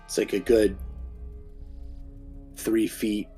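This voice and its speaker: A man narrating as game master in a relaxed, chuckling, rambling manner. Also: lowish voice, slow pace, husky, soft background music.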